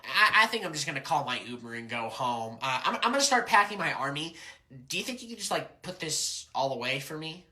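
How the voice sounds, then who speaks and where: A man's voice: a little high, sing-song, brisk, bright, forceful tone. A young man in comedy skits, whining and stammering as a petulant gamer. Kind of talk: comedy sketch acting.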